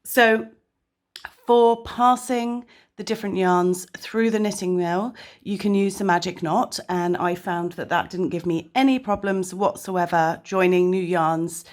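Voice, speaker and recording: A woman with a croaky voice from a sore throat, chatting casually as she hosts a crafting tutorial. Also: lowish voice, fairly even intonation, a little slow. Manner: chatty, self-deprecating. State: croaky voice from tonsillitis. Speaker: crafting channel host.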